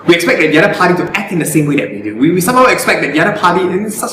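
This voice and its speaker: A man's voice: sits high, sing-song, very fast, roomy sound, noisy background. A man coaching on public speaking in a live Q&A, earnest and often repeating words as he finds his phrasing. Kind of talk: live stream Q&A.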